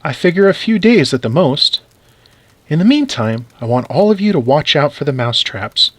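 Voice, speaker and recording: A man voicing a calm, steady tiny father who talks in a reassuring way. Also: a little high, normal speed, dry recording.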